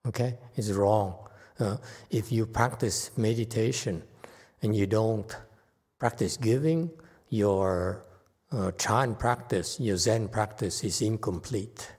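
A man's voice: fairly low pitch, slow pace, darkish tone, husky. A man, a Buddhist monk, giving an informal dharma talk in short broken phrases and laughing often. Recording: reverberant hall.

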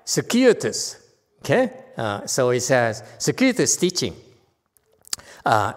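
Male teacher, informal lecture, teasing manner; slow pace, recorded with long reverb. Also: mid-range voice. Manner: chatty, teasing, with frequent "okay?" asides. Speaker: Buddhist teacher lecturing on a sutra.

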